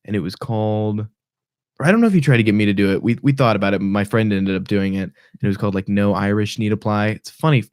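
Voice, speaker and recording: A young man hosting a podcast in casual chat, rambling with restarts and sudden jumps in pitch. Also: fast, a little mellow, clean tone, no echo, studio quality. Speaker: podcast host.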